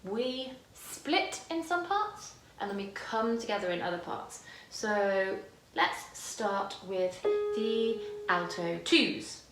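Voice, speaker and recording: A woman's voice: mid-range voice, animated, slow pace, roomy sound, music in the background. A woman choir director teaching parts by singing them, her voice tired today. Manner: demonstrates lines by singing, chatty and self-correcting. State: tired voice, using head voice.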